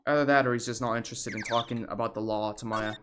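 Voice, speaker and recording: A woman's voice: a bass voice, steady tone, quick pace, background noise. A woman streamer casually commenting and reading game text aloud during a live playthrough. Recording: game music playing underneath.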